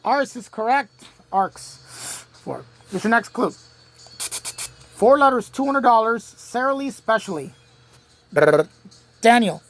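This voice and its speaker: A woman runs a home-made crossword game show, her voice a little high and her delivery slow and deliberate. She reads each clue and spells the answers letter by letter. She stumbles and restarts her sentences often. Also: expressive. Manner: halting, with frequent restarts.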